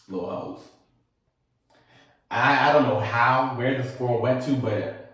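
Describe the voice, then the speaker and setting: A man hosting a casual storytime, telling a personal tale in a sassy, animated way with laughing asides. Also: mid-range voice, heavy reverb, recorded from a distance. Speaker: storytelling host.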